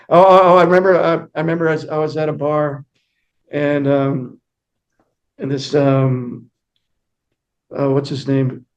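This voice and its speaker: A man's voice: on the high side, darkish tone. Rambling man telling band stories. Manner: rambling anecdotes with many fillers and acted-out quotes. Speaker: interview guest, musician. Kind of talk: casual storytelling interview.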